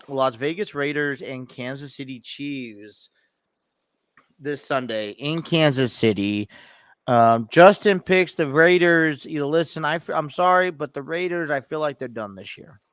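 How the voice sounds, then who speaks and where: A man co-hosting a sports talk show, his voice sitting a little higher than most men's. He rambles through his points with restarts and quick laughs. The sound is close and dry, with no room around it. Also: fairly bright tone, smooth, dry recording. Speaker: sports podcast co-host. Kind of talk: casual sports chat.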